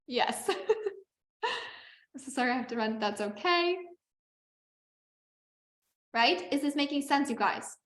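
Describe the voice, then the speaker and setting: Woman coach, high-ish voice, chatty and encouraging, teaching live over a video call in an echoey room. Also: animated, takes it slowly, long pauses, fairly bright tone. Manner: chatty and encouraging, with frequent "like" and "okay". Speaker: business coach. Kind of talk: live online masterclass teaching.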